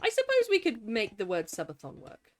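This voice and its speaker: A woman's voice: fairly high pitch, wildly swooping pitch, a little fast. A woman streaming live gameplay, chatting away, greeting and thanking viewers and talking to the creatures in her game.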